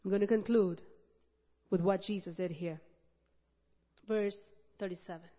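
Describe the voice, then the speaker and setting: A woman's voice: medium pitch, fairly even intonation, a little slow. Woman preacher, sermon, impassioned and repetitive, long hall reverb, dull lo-fi sound. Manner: impassioned, rising to loud emphatic repetition.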